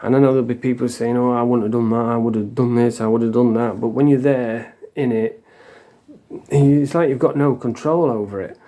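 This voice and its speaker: Blunt, sweary man with a mellow voice. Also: mid-range voice, fairly even intonation, brisk. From England. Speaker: vlogger. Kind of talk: casual storytelling.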